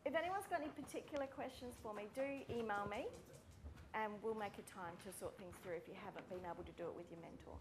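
A woman, a speech pathology lecturer giving a friendly, brisk welcome talk to students and calling out names. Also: medium pitch, background noise. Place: university room with students.

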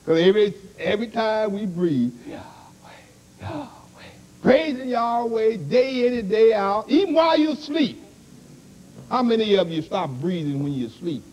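A man's voice: sits high, lively intonation, moderate pace, darkish tone, rough recording. A man preaching a sermon to a congregation, constantly asking "see?" and "you understand?".

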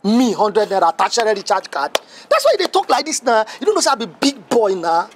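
A cheeky young gateman with a Nigerian accent, boastful and full of swagger in a Nollywood film. His voice sits noticeably high for a man, and a faint hiss runs behind it. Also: huge pitch swings, brisk. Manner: boastful and cheeky in pidgin English.

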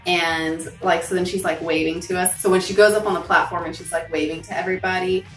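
A woman from the United States chatting casually on her vlog, excitable and gushing, with lots of fillers and little laughs. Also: on the low side, fast, echoey room, distant mic, low-quality recording. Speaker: vlogger. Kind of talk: casual chat. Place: home room with posters. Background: soft background music.

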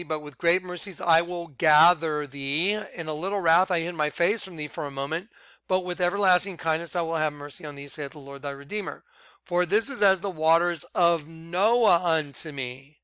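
Man, informal scripture preacher, emphatic and insistent, bright clear voice, dry sound. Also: a little high, no room sound. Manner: emphatic, repeats "watch", drawn-out words for emphasis. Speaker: self-styled preacher. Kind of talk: reading scripture aloud with commentary.

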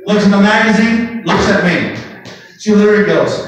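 A man doing a stand-up comedy routine, acting out shrill voices in his stories. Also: normal speed. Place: comedy club stage. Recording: echoey club from a distant mic. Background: audience laughter.

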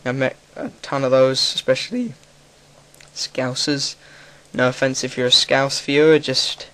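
Man, young adult, English accent, casual commentary, rambling, sweary, mid-pitched. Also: little pitch movement, a little slow, bright, forceful tone. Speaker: YouTube gaming commentator. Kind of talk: casual gaming commentary monologue.

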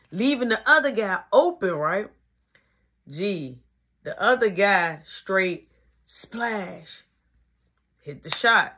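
A young woman spins a casual story for her channel in a slightly husky voice. She talks loose and slangy and acts out everyone's dialogue with plenty of flair. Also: medium pitch, expressive, slow pace, long pauses, fairly bright tone.

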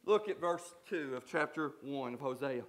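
A man with a Southern American accent preaching a folksy sermon in a church, swinging from quiet asides to shouted emphasis. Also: mid-range voice, lively intonation, moderate pace. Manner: folksy, joking. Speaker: guest preacher. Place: church sanctuary.

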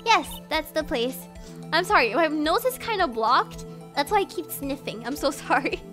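A woman's voice: sits high, very animated, moderate pace, over music. A young woman from Singapore, streaming and chatting casually, giggly and rambling, often laughing. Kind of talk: casual livestream chat.

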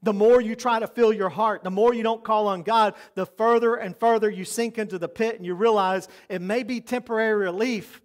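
Мужчина средних лет, пастор, читает проповедь искренне, временами переходит на тихий, доверительный тон. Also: male voice, sits high. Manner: earnest, preacherly, drops to soft intimate tones for emphasis. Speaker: pastor. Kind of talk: sermon.

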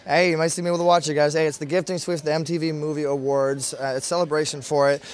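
A man's voice: on the high side, flat delivery, fast, clean tone. A man hosting interviews at an event gifting suite, joking and upbeat. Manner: joking, upbeat, self-promoting. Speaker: host. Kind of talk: red carpet interview.

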